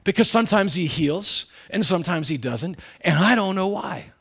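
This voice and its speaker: A man preaching a sermon in a conversational, candid way, full of asides, who swings between loud emphatic bursts and quiet low asides. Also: expressive, moderate pace, gravelly, breathy edge. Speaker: pastor.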